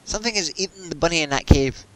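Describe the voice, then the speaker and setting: A man's voice: on the high side, fast talker, very noisy. A man chatting and joking while playing a video game with a friend. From Scotland. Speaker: gamer. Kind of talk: casual let's-play chat.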